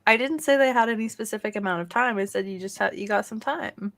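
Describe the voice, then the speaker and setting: A woman's voice: mid-range voice, quick pace, fairly bright tone. A chatty woman co-hosts a gaming podcast in easygoing talk. She laughs often and trails off while hunting for names. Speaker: podcast co-host. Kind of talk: casual chat.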